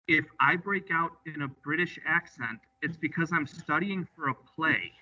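A man's voice: on the high side, normal speed, sharp tone, husky. A man who works as a drive examiner, telling stories from the job in an easygoing way and quoting what people said. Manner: easygoing, recounts with quoted dialogue. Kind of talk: storytelling in an interview. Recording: slightly distant, muffled audio.

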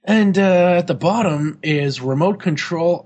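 Slightly high husky guy, joking and cussing his way thru a podcast chat. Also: unhurried, few pauses, darkish tone. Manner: jokey, swearing, laughing often. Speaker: podcast co-host. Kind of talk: casual chat reviewing an old game magazine.

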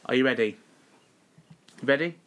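A man's voice: mid-range voice, moderate pace, fairly bright tone. A man, co-hosting a podcast in playful casual chat. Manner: playful, repeats himself patiently. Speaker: podcast co-host. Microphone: podcast mic with headphones.

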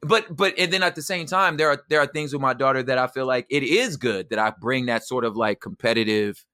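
A man talking as a guest in a casual interview, animated and slangy, often asking if he's understood. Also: medium pitch, fairly quick, dry recording, clean studio sound. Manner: animated, slangy, keeps asking "you know what I'm saying". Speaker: poet and emcee.

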